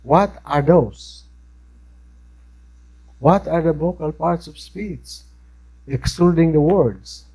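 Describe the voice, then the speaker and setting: A man's voice: fairly high pitch, slow, long pauses, warm tone, husky, rough recording. A man with a Filipino accent, lecturing a class in a conversational way and often checking in with his listeners. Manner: conversational, keeps checking in with "right?". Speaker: instructor.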